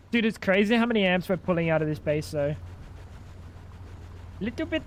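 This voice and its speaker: A man's voice: sits high, lively intonation, moderate pace, long pauses. A young man livestreaming a game, chatting casually and joking back at his chat. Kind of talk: casual gaming stream chat.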